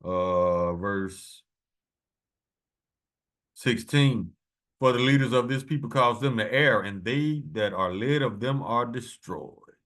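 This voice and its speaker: A man reading scripture aloud with slow, deliberate verses, then breaking into blunt, profane commentary. His voice sits at a middling pitch, and he speaks as a preacher addressing his listeners directly. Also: lively intonation, a bit bright.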